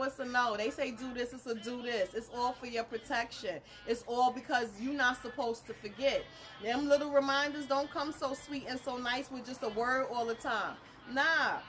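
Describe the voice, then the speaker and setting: A woman, a spiritual reader talking casually to her viewers, animated and blunt, laughing through her stories. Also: on the high side, moderate pace. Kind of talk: casual live talk to viewers.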